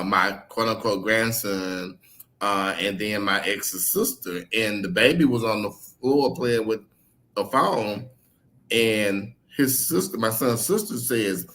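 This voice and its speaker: A middle-aged man, an author being interviewed, telling personal stories frankly and acting out other people's words as he goes. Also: on the low side. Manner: frank and animated, acts out others' words, swears casually, laughs. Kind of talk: candid conversational storytelling.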